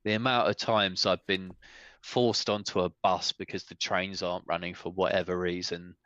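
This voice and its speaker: A man's voice: deep voice, a bit bright, no echo. A man on a podcast, ranting in exasperated casual chat with some swearing. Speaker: podcast co-host. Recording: dull lo-fi sound.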